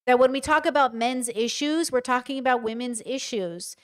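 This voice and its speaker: A woman's voice: sits high, moderate pace. A woman streaming casual live commentary, talking bluntly and with emphasis straight to her chat. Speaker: streamer reacting to a show.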